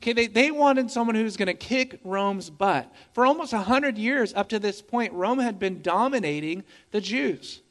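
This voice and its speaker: High-voiced man preaching a lively sermon. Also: moderate pace, hardly any pauses. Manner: lively, conversational preaching with humorous asides; emphatic, repeats words as he speaks. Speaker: pastor.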